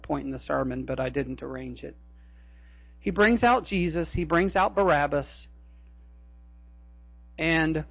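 A male pastor preaching a sermon in a church, dramatic, swinging between loud cries and hushed asides. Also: on the high side, vocal fry, no echo, dull audio.

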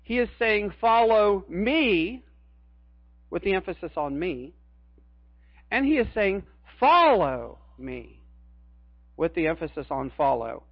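A man's voice: on the high side, big pitch swings, normal speed, vocal fry, no room sound, lo-fi sound. A middle-aged man preaching a sermon as a pastor, earnest and emphatic, repeating his key phrases.

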